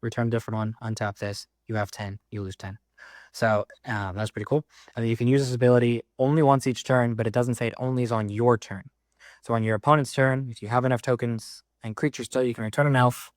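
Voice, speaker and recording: A man casually walking through a card game deck, reading card text aloud with quick offhand comments. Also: medium pitch, no room sound, clean studio sound.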